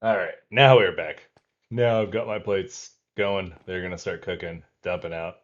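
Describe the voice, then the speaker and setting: A man's voice: low voice, moderate pace, lo-fi sound. A man casually talking through his video game session as the host, explaining each step aloud as he goes. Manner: relaxed, talks himself through tasks aloud. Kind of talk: casual let's-play commentary.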